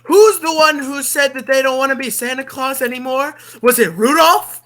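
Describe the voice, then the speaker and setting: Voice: high voice, moderate pace, fairly bright tone, pitched above the performer's own voice. A streamer doing a fussy, theatrical sly man. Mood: mocking.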